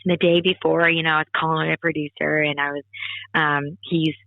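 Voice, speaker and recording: A woman's voice: low voice, normal speed, gravelly, dry recording. Chatty woman guest on a tinny line. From Wisconsin. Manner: chatty, animated storytelling with many fillers. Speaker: singer-songwriter guest. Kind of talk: casual interview chat. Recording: tinny phone-like dry call audio.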